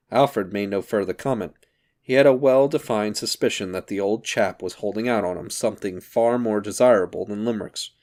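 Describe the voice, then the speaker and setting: A man narrating a comic novel in a measured, even reading. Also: fairly low pitch. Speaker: audiobook reader. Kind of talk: scripted narration.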